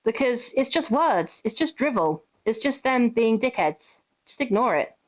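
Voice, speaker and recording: A young woman live streaming, chatting casually and gently reassuring her viewers with advice. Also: a little high, very animated, unhurried. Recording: dull lo-fi stream audio.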